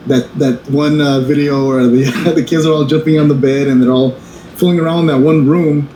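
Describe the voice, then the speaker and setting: Fairly high in pitch yet dark in tone, a man's steady voice carries a casual podcast conversation where he co-hosts. He stumbles through restarts and fillers, and the recording has echo and faint noise.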